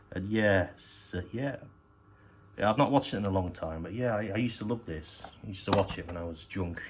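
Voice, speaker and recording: Very low male voice, rambling unscripted show-and-tell, faint hiss behind. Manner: rambling, hesitant, swears casually. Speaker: collector showing his DVDs.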